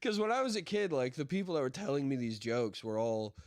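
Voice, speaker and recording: Podcast host, male, mid-pitched, loose and rambling, laughs a lot, dry studio sound. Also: sing-song, fairly quick, no echo. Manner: rambling, laughs often, swears. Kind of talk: casual joke-telling chat. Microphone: podcast microphone.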